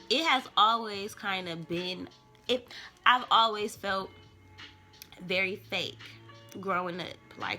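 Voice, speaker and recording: A woman's voice: fairly low pitch, gravelly, pushed and bright. A young woman, a tarot reader, chatting casually and loosely to her viewers in slangy, rambling talk. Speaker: tarot reader and spiritual vlogger. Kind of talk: casual rambling smoke-session chat.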